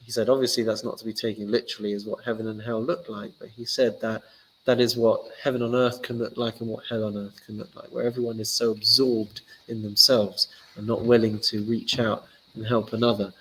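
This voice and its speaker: A man, a rabbi giving a casual teaching talk and telling stories lively, acting out the characters. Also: fairly low pitch, brisk, breathy edge, poor audio.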